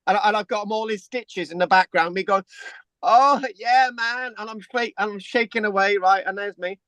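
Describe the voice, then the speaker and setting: A man's voice: sits high, fairly even intonation, fairly quick, fairly bright tone, dry recording. Rambling chatty man, dry close sound. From England. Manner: rambling storyteller, repeats words and says "right?". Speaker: host. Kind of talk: casual chat.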